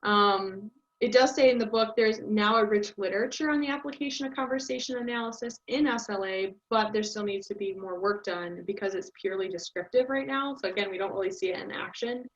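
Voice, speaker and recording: A young woman, a student presenter, gives a casual class presentation, thinking aloud with plenty of ums. Her medium-pitched voice moves fairly quickly with few pauses, and the audio is dull and lo-fi.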